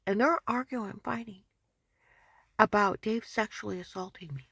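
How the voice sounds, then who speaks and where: A woman telling a rambling personal story in an agitated, repetitive way, often dropping to a breathy whisper. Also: mid-range voice, normal speed, a bit bright, no room sound.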